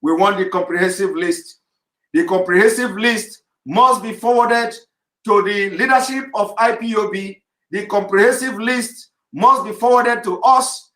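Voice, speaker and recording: Man, activist broadcast, insistent repeated demands, bright voice in an echoey room. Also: high voice, measured pace. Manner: insistent, repetitive, forceful oratory. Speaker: activist leader giving a live broadcast. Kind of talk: live online address to followers. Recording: roomy echo.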